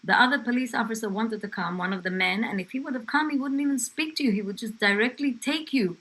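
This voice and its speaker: A woman's voice: mid-range voice, fairly even intonation, normal speed, fairly bright tone. A woman voicing a harsh, tall female police officer who threatens a family. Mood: threatening. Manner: scornful, threatening.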